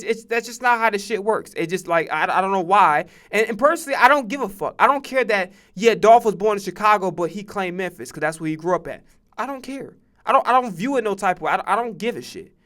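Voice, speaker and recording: A man with a high, bright and very clear voice gives casual reaction commentary on a stream. He talks bluntly and curses a lot. He stumbles over his words and restarts often while working through his opinion. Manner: blunt, profane, rambling with many restarts.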